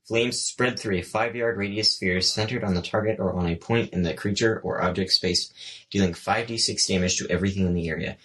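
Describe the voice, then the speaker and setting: A man playing a tabletop game, excitable and reading his spell text aloud. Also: low-pitched, brisk, poor audio. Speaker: player.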